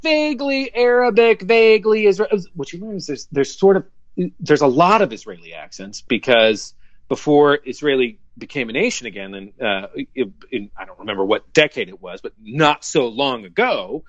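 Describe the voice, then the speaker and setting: A man's voice: mid-range voice, moderate pace, no room sound, muffled recording. A man, an actor, telling audition stories in a casual interview, acting out the voices of the people in them. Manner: animated, acts out quoted voices. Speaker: guest actor.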